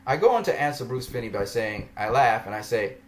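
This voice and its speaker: A man's voice: mid-range voice, big pitch swings, brisk, a little hiss or hum. Man, ranting vlog commentary, argumentative, mocking, laughs a lot, voice swings up and down. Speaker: vlogger.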